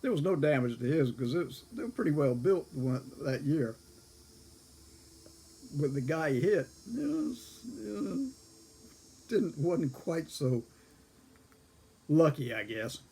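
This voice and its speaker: A man's voice: a little high, big pitch swings, unhurried, gravelly, pauses often, dark tone, slight background noise. An older man in his seventies casually telling a rambling personal story, chuckling often and correcting himself as he goes. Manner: chuckles often between lines.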